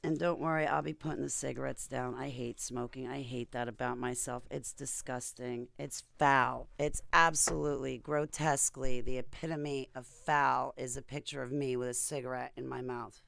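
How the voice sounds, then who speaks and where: A woman's voice: extremely low pitch, steady tone, moderate pace, vocal fry, hardly any pauses, a bit bright, dry recording. A woman chatting on a video call in a rambling, blunt and emphatic way. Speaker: vlogger. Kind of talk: casual chat on a video call.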